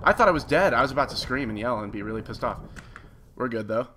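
A young man giving jokey, excitable commentary on his own game as he plays. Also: medium pitch, fast talker, slight background noise. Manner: excitable, jokey, self-mocking. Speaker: gaming video host. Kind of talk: casual gameplay commentary.

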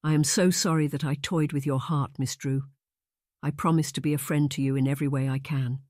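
A man's voice: on the high side, fairly even intonation, fairly quick, darkish tone, no echo, clean studio sound, close to an everyday voice. A man voicing an ardent lovesick marquis. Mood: tender. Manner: earnest, pleading, formal period speech.

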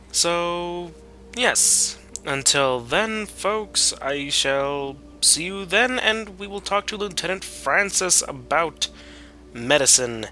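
Bright young man joking through a game. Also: high voice, animated, slow, faint music behind. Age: young adult. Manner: chatty, joking. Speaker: gameplay commentator. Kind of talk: casual let's play commentary.

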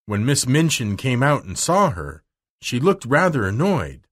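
Male narrator, husky voice, animated storybook reading for learners. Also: medium pitch. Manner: slow, clear, expressive.

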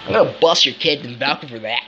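A speaker in playful banter, complaining and accusing the others in an animated way. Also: mid-range voice, racing, dull audio, music in the background. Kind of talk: playful banter over toys.

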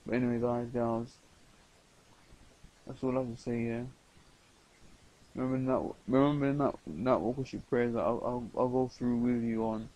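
A man's voice: mid-range voice, level tone, normal speed, long pauses, mellow, muffled recording. A man rambling through a late-night video diary, stumbling over words with many repeats and restarts. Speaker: vlogger.

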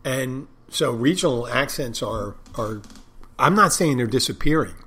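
A man's voice: mid-range voice, animated, measured pace, sharp tone, slightly rough. A man hosting a podcast, talking on his own in a loose, wandering way as he thinks aloud. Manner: rambling, digressive, thinking aloud. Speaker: podcast host. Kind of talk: casual solo podcast monologue.

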